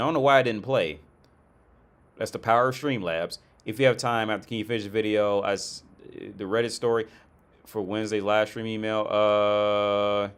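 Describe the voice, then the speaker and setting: A man's voice: fairly low pitch, fairly bright tone. Blunt, rambling man hosting a livestream. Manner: blunt, crude and rambling, with many restarts. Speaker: livestream host. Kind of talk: casual commentary on clips.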